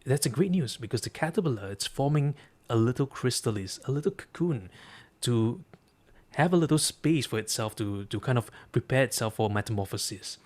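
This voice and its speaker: Give me a man playing a calm, soft-spoken mother. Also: medium pitch, a little fast, close to an everyday voice.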